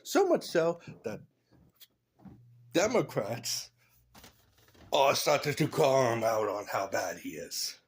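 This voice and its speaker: A man's voice: mid-range voice, big pitch swings, takes it slowly, pauses often, husky. A man in a casual vlog, rambling through blunt opinions with loose asides. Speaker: vlogger.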